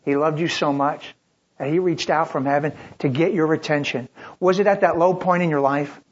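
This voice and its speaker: A man's voice: on the high side, fairly even intonation, normal speed, breathy edge. A man preaching a sermon as pastor, emphatic, building through rising rhetorical questions. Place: church. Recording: dull lo-fi recording.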